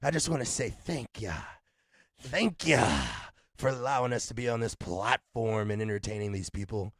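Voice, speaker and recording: A man with a raspy, deep voice co-hosting a podcast, chatting loosely with laughs and shout-outs. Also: steady tone, a little fast, no room sound, studio quality. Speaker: podcast co-host. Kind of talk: casual podcast chat.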